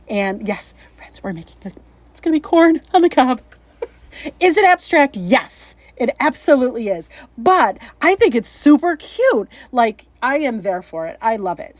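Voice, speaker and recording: A bubbly woman talks through a craft project, upbeat and self-deprecating, with a fairly high voice. The sound is dry and close, with no room in it. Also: no echo. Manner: chatty, upbeat, self-deprecating, laughs often. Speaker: craft channel host. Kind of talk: casual craft tutorial vlog.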